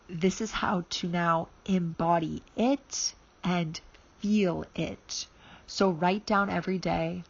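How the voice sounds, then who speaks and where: A young woman coaching her listener through a self-help talk, earnest and encouraging. Her voice sits a little low. The audio is dull and lo-fi. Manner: earnest, coaching, repeats affirmations.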